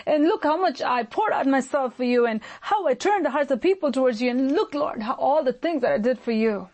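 A woman's voice: sits high, lively intonation, fairly quick, a little mellow. A woman preacher voicing an ancient king who earnestly implores God in prayer. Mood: pleading.

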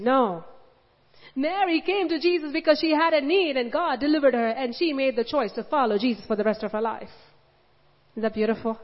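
A woman preaches with fervent intensity and plays the pleading voices of her story as she goes. Her voice sits fairly high. The recording is dull and muffled, with a long hall echo trailing behind her. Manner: impassioned, acts out Mary's pleading lines. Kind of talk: sermon.

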